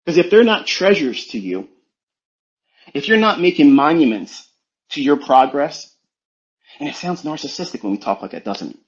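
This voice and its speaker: A man, a trading mentor, giving a forceful motivational rant full of swearing and rhetorical questions. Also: fairly high pitch, big pitch swings, moderate pace, pauses often. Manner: forceful, profane, preachy. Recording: dull lo-fi sound.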